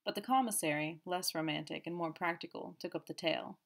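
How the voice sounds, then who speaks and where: A woman reads a novel aloud as an audiobook, her voice a little low for a woman. She narrates in a measured, even storytelling manner. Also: creaky. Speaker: audiobook reader.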